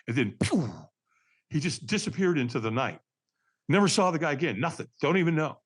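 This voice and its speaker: His voice is fairly high, with lively intonation and a slightly fast pace. A firewalking instructor guesting on a podcast, he tells an animated story, calling the host Doc and voicing the quotes in shifting styles.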